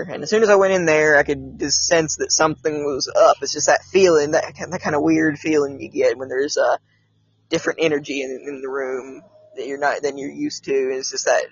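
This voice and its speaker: This man's voice sits on the high side and has a slight roughness. As host of a casual podcast, he wanders through personal anecdotes, hesitating and starting over many times, on a slightly dull, dry recording.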